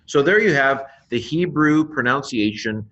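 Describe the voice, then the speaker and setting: A man's voice: medium pitch, lively intonation, measured pace, fairly bright tone, highs cut off. A man teaching pronunciation informally, thinking aloud, sounding out words syllable by syllable, with many fillers and self-corrections. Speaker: Hebrew teacher.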